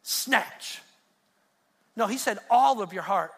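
A man's voice: extremely high pitch, normal speed, pushed and bright. A male pastor preaching a sermon, fervent and repetitive, with a driving preaching cadence.

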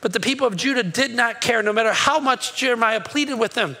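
A man's voice: very high voice, fairly quick, sharp tone, low-quality recording. A male pastor giving a sermon in a church, impassioned and conversational, asking the congregation questions.

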